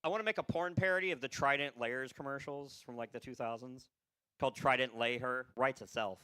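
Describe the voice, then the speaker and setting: Tired, profane open mic comedian, lively pitch. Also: male voice, clean tone, dry recording. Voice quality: profane, rambling, laughs at own jokes. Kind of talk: stand-up comedy set.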